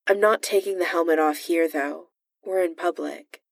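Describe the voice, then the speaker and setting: A woman voicing a guarded man in armor who talks low, clipped and reluctant. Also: normal speed, gravelly, no room sound, clean studio sound. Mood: wary.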